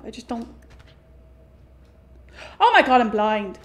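A woman's voice: on the high side, very animated, takes it slowly. A woman streaming a horror game, reacting with sudden exclamations and chatting to the characters and viewers. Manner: jumpy, exclamatory, talks to the game. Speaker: gaming streamer. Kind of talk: let's play commentary.

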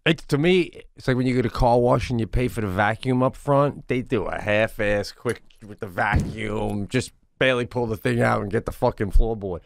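A man's voice: mid-range voice, normal speed, gravelly, hardly any pauses, no room sound, studio quality. A man co-hosting a podcast in casual chat, ranting emphatically and incredulously, swearing and laughing. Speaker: podcast co-host.

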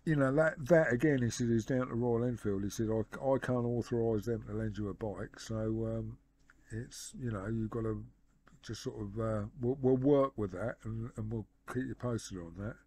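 Casting note: a man talking to camera, rambling, conversational storytelling, warm mellow tone, middle pitch. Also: normal speed, slight background noise. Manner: rambling retelling of a phone conversation, lots of "he said" and "I said". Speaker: motorcycle vlogger.

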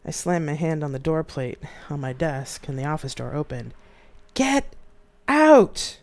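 An author reading their own novel aloud in an expressive, dramatic live-streamed narration. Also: mid-range voice, normal speed.

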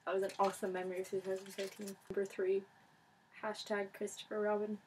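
Young woman vlogger, chatty and bubbly, monotone delivery, light hiss behind. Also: medium pitch, fast, poor audio. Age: young adult. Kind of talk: casual chat to camera.

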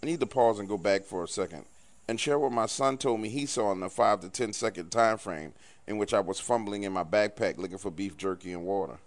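A man with a fairly low voice narrates a scripted first-person horror story. His telling is hushed and somber, kept low and close. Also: a little fast. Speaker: storyteller recounting an encounter.

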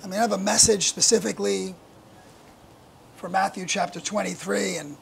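A man's voice: high-pitched, steady tone, moderate pace, creaky, slight background noise. A man opening a sermon as pastor, speaking conversationally and thinking aloud.

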